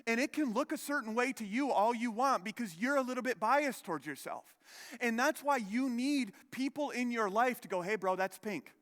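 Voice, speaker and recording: A man's voice: extremely high pitch, animated, moderate pace, a bit bright. A man in his thirties preaching a sermon as pastor, telling a rambling personal story with many restarts and self-deprecating asides. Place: church sanctuary. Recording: long hall reverb.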